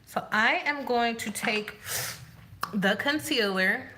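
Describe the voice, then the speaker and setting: A woman vlogger chatting casually to herself as she does her makeup, rambling and thinking out loud. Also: a little high, slow, slight background noise. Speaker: beauty vlogger. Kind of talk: casual chat while doing makeup.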